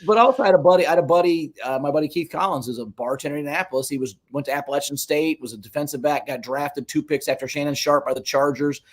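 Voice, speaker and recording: A man co-hosting a casual sports podcast, an animated storyteller who swears freely. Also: fairly high pitch, fast, few pauses. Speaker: podcast co-host.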